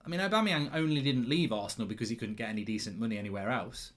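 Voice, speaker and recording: Bantering football watchalong host. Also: male voice, medium pitch, rapid-fire, a bit bright. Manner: banter-filled, teasing, chatty with stammered restarts. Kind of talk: live football watchalong commentary.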